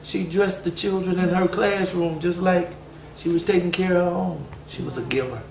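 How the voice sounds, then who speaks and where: A man's voice: sits high, fairly even intonation, normal speed, gravelly, darkish tone. A man fondly recalling his mother's work and kindness, repeating his praise of her. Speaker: family member remembering his mother. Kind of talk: candid family conversation. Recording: roomy, distant mic, faint hiss.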